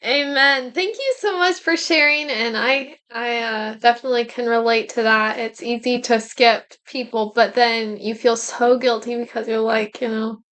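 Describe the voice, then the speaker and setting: A woman hosting a youth program, responding softly and hesitantly with many fillers. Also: fairly high pitch, fairly even intonation, moderate pace, few pauses. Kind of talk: casual response after a talk.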